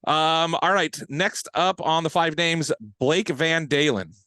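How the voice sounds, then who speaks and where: A man hosting a sports podcast, telling stories in a lively, casual way with bits of slang. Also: fairly high pitch, slow pace, dry recording. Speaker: podcast host.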